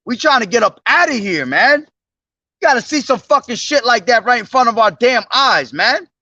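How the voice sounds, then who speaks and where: A young man preaching outdoors at a bus station, slowly declaiming scripture, then talking in slangy, profane street speech into a camera he holds himself. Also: very high voice, lively intonation, pushed and bright, no room sound, highs cut off. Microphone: self-held camera.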